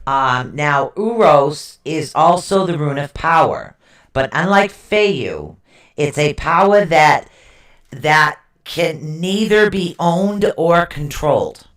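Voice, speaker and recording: A man's voice: a little high, expressive, slow, a bit bright. A man co-hosting a casual live stream, patiently explaining runes and checking that listeners follow. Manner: explanatory, repeats and checks understanding. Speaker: co-host teaching runes. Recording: roomy echo.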